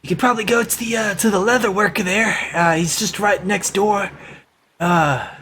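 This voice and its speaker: A man voicing a gruff male pelt merchant who swears casually and hesitates as he talks, in a tabletop game. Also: sits high, steady tone, normal speed, sharp tone, a little hiss or hum. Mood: grumbling. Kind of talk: tabletop role-play over voice chat.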